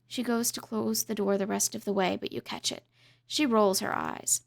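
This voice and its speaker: A woman's voice: mid-range voice, fairly even intonation, moderate pace, creaky. A young woman playing a story game, reading the narration aloud with casual, chatty asides. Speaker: game streamer. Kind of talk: reading a visual novel aloud with commentary.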